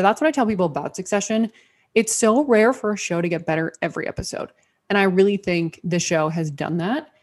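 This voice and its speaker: A woman on a casual podcast, talking enthusiastically about what she likes in a drama series. Her voice sits lower than most women's. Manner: enthusiastic, chatty opinions. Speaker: podcast co-host. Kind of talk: casual TV recap chat.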